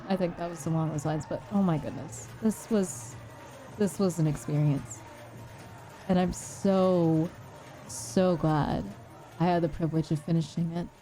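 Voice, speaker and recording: A woman's voice: lowish voice, unhurried, pauses often, mellow. A woman streamer reading a visual novel aloud, then gushing over it in an earnest, emotional way.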